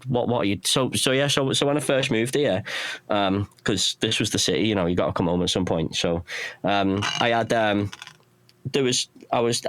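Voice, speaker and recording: A man with a Runcorn Scouse accent and a fairly low voice, chatting as a guest on a podcast. He rambles, pokes fun at himself and restarts his sentences a lot. The sound is dry and close to the mic. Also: fairly bright tone, no echo. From England. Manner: rambling, self-deprecating, restarts often. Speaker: guest, pedal maker. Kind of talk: casual podcast interview.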